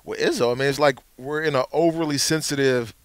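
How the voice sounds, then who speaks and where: A man in his thirties co-hosting a casual sports podcast, telling stories with lively quoted voices. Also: mid-range voice, brisk, clean tone, dry recording. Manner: animated storyteller, acts out quotes. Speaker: podcast co-host.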